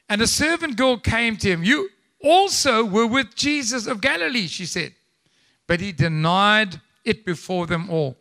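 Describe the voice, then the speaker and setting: A pastor with a high-sitting voice preaches a live sermon at a church service. He's animated and conversational, dropping in frequent asides and throwing rhetorical questions at the congregation.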